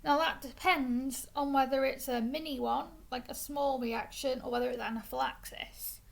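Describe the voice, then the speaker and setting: A woman's voice: high-pitched, steady tone, normal speed, creaky. A young woman explaining things in a casual, chatty way, often stumbling and restarting words, with the hiccups. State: has the hiccups. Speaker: vlogger.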